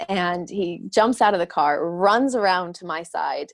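A woman in her thirties with a slightly low voice tells a personal story as a guest. She talks casually, laughs often and jumps into livelier voices when quoting people. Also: unhurried, creaky. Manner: animated, acts out quoted voices, laughs often. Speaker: guest sharing her birth stories.

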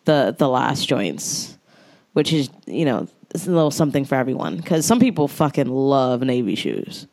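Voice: mid-range voice, sing-song, fairly quick, gravelly, few pauses, warm tone, no room sound, clean studio sound. Chill new host, slangy, storytelling, laughs a lot. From New York. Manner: laid-back storytelling, slangy, laughs often. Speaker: podcast co-host. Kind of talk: casual chat.

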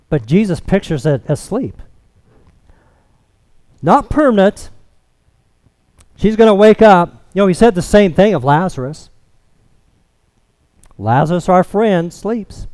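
A man preaching a sermon, expounding scripture in an emphatic, deliberate way. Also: sits high, sing-song, darkish tone, no room sound. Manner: slow, emphatic expository preaching.

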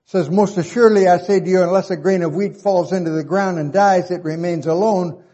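A man's voice: sits high, fairly even intonation, brisk, mellow, lo-fi sound. A man preaching a Bible-teaching sermon, reading verses aloud and repeating key points for emphasis.

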